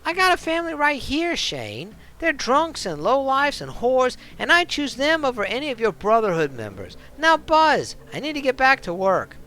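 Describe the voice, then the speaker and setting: A man's voice: extremely high pitch, very animated, moderate pace, few pauses, pushed and bright, pitched above the performer's own voice, full character voice. A man voicing a tough, streetwise female elf bartender with a put-on New York accent. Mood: dismissive. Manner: sassy, defiant.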